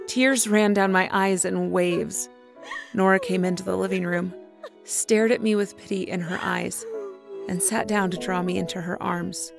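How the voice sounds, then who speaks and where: Woman narrator for a cartoon life story, gravelly texture, confessional delivery. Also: medium pitch, steady tone, measured pace, soft background music. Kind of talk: scripted first-person story narration.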